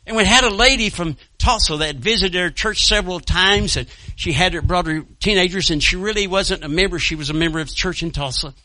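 A man's voice: sits high, brisk, few pauses, pushed and bright, dry recording. A male pastor preaching a sermon and telling a personal story in a folksy way, calling out to his congregation and chuckling between lines.

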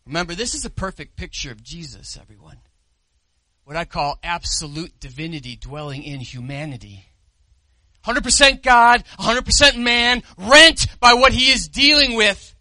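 A man preaching a sermon, swinging from loud declarations to soft, intimate appeals to the listeners. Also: high voice, lively intonation, unhurried, no echo. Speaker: pastor.

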